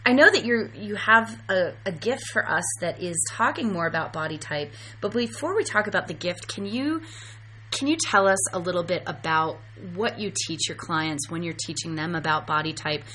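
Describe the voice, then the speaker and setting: A woman's voice: on the low side, animated, moderate pace, sharp tone, a little hiss or hum. A woman hosting a casual interview, asking questions in an encouraging way. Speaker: host.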